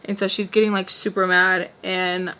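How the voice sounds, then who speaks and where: A woman vlogger telling a story in a casual, animated way, acting out quotes and swearing casually. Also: on the low side, moderate pace, smooth.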